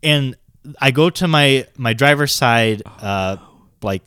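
A young adult man casually telling a story on a podcast, animated and swearing, with laughs breaking in. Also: medium pitch, takes it slowly, smooth, no echo, clean studio sound.

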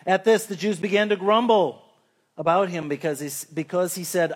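His voice is high and steady as he preaches a sermon. He recounts Bible stories conversationally and reads scripture at a slow pace.

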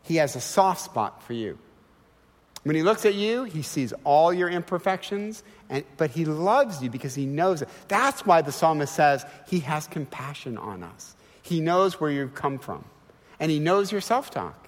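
A middle-aged man preaching a sermon in a church, emphatic and animated, firing off rhetorical questions. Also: on the high side, moderate pace. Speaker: guest preacher. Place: large church sanctuary. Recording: long church hall reverb.

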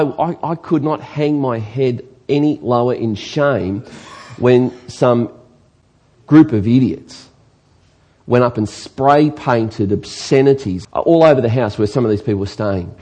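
A man's voice: medium pitch, dark tone, husky. A man with an Australian accent, preaching a sermon earnestly and emphatically, asking his congregation rhetorical questions. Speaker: pastor.

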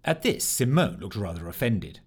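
A man narrating a storybook with an expressive, animated reading. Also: fairly low pitch, normal speed, husky.

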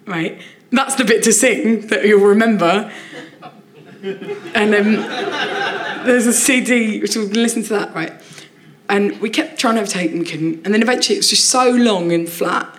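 A woman, a comedian, telling an animated story in casual chat on a live podcast, laughing often as she talks. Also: mid-range voice, normal speed. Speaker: comedian guest.

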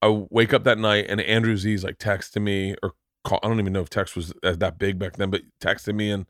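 A man's voice: lowish voice, a little fast, no room sound, clean studio sound. A man hosting a podcast, telling stories in a casual comedic way, swearing often and acting out the people he quotes. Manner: animated, profane, acts out quoted voices. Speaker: podcast host.

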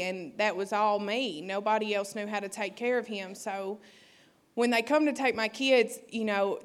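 A young woman giving an emotional personal testimony, halting, with many fillers. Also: medium pitch. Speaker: testimony speaker at church.

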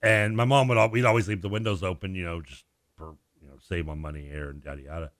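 A man's voice: low voice, fast, dry recording, studio quality. A man, co-hosting a sports radio show and telling stories in casual chat, acting out the voices with laughs. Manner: animated storyteller, acts out voices and laughs.

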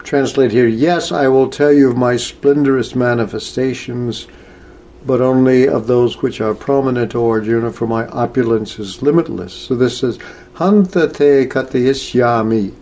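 A man teaching a scripture class in a slow, halting way, with many filler sounds as he explains verses. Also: medium pitch, mellow. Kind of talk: lecture on scripture.

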